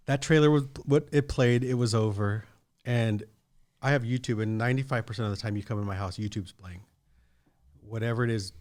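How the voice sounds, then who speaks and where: Male podcast co-host, mid-pitched, rambling casual storyteller with frequent restarts. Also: a little mellow. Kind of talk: casual chat.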